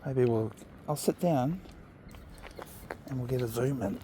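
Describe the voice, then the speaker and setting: A relaxed man, chatting on an evening dog walk, speaking slowly and unhurriedly. His voice is picked up by a handheld camera outdoors, with a faint wash of wind and background noise. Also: mid-range voice. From New Zealand. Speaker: dog-walking vlogger. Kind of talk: casual outdoor vlog chat.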